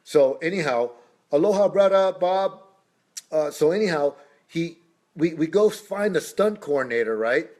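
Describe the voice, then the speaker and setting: A middle-aged man telling stories in a loose, rambling way, breaking off to hail people walking by. His voice sits a little high for a man. He talks like a guest speaker chatting with a crowd. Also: animated, moderate pace. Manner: rambling, breaks off to greet passersby. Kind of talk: casual storytelling.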